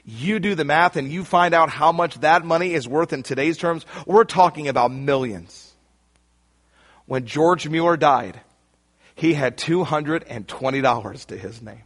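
A man preaching a sermon, emphatic and rising to shouts on key lines, speaking straight to his listeners. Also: a little high, measured pace. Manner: addresses listeners directly.

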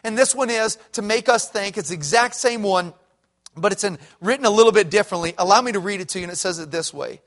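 A middle-aged pastor preaching a sermon in a fairly high voice. He swings between loud, emphatic peaks and low, hushed stretches as he presses his point. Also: fast talker.

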